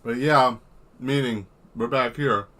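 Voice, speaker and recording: A man's voice: medium pitch, takes it slowly, fairly bright tone. A man chatting casually on a livestream while drawing, rambling into exaggerated comic rants and swearing freely. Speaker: artist streaming while drawing.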